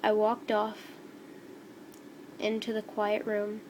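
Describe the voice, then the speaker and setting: A woman reading a first-person fan story aloud in a slow, halting way over a noisy home recording. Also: mid-range voice, monotone, a little mellow.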